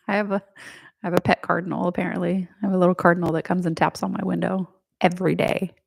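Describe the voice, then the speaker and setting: A woman's voice: lowish voice, little pitch movement, quick pace, gravelly, no room sound. A woman hosting a live question-and-answer stream, chatting casually in a rambling way and laughing often. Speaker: human design reader hosting a live Q&A. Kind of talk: casual livestream chat.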